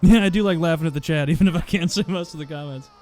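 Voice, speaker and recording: A man's voice: a little high, racing, a little mellow. A man casually chatting on a livestream while playing a game, joking and laughing often. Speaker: streamer. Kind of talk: casual livestream chat over gameplay.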